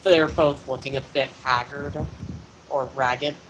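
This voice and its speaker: Halting, filler-heavy game master. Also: mid-range voice, fairly even intonation, highs cut off, noisy background. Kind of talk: narrating a tabletop game.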